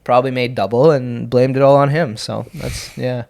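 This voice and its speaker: With a gravelly, slightly mellow mid-range voice, steady tone, and moderate pace, this young Canadian podcast host and comedian rambles through casual conversation. He swears freely and restarts his sentences often.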